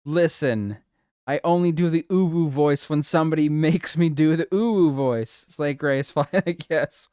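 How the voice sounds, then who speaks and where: Dude streamer goofing around with chat, lots of giggles, swears, pretty dry mic sound. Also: male voice, on the high side, moderate pace, darkish tone, clean tone, no room sound. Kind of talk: casual live-stream chat.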